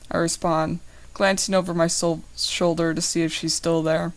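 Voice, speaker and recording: A woman's voice: on the low side, moderate pace. A young woman reading the first chapter of her own novel aloud, narrating in first person and lifting her voice slightly for the dialogue. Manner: reads all characters in her own voice, small lifts for dialogue.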